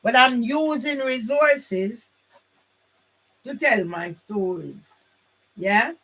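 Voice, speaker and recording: An older woman vlogger talks casually to her phone camera in a fairly high, bright voice, drawing out her words. She's combative and rambling, restarts her sentences, and keeps tossing in a challenging "yeah?", with poor audio quality.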